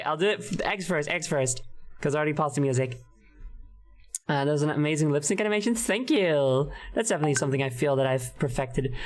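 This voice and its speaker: A woman streamer in casual live-stream chat, rambling and giggling with many fillers. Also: low-pitched. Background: background music.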